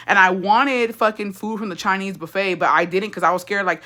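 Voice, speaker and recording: Indoors on her livestream, a young Texan host tells a story with a medium-pitched, steady, sharp voice at a fairly quick pace. She speaks bluntly, curses heavily and works in some Spanish.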